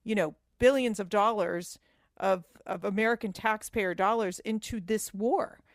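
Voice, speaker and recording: A woman co-hosting a talk radio show, animated and opinionated, laughing easily, in a radio studio. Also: medium pitch, measured pace, dry recording. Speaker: radio co-host.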